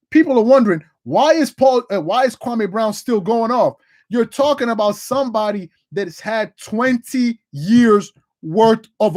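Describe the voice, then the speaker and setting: An animated man hosting a casual sports livestream. He rambles, repeats himself and reads out viewer comments, and his voice leaps up when he gets excited. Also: very high voice. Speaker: sports talk livestream host.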